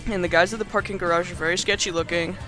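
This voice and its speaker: Over faint music from a movie soundtrack, a podcast host talks fast in a high, steady voice. He casually recaps the film, rambling, chatty and quick to laugh.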